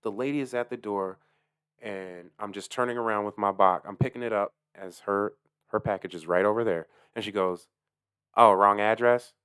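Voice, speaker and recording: A man who works as a delivery driver, ranting casually to camera, heated and swearing heavily, swinging between low muttering and loud outbursts. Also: fairly even intonation, fairly quick, clean tone, no echo, clean studio sound. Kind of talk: casual profane rant to camera.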